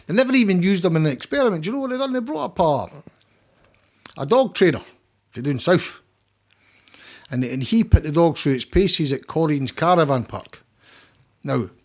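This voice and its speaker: A Scottish man talks in a fairly high voice as a podcast guest. His story rambles, with stumbles, repeated words and freely dropped swearing, all in a loose, casual way.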